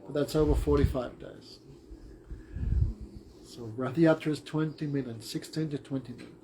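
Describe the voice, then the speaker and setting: A man's voice: on the high side, steady tone, normal speed, background noise. A man teaching a class, retelling a story in simple, short phrases.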